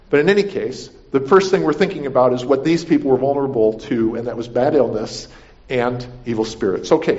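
A man's voice: fairly high pitch, a little mellow. A man preaching a conversational sermon, often asking "right?" and repeating himself as he explains the passage. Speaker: pastor. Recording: dull lo-fi recording.

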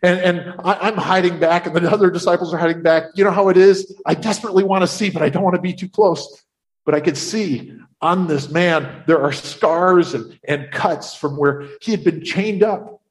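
A man telling a Bible story in the first person, in character, with animated, breathless delivery and frequent restarts. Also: sits high, moderate pace.

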